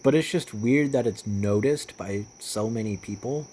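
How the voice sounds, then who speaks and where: A young man talking in a casual vlog monologue, rambling with lots of fillers and swearing, getting animated as he retells stories. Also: on the low side, measured pace, slight background noise. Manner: rambling, profane, with many fillers and restarts. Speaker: vlogger.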